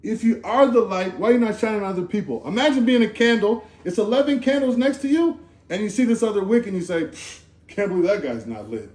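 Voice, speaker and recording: Animated man preaching in an echoey room. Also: high-pitched, fast talker. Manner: animated, conversational, slangy with asides. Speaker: speaker giving a Torah talk. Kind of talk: informal sermon. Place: Sukkot gathering in a room.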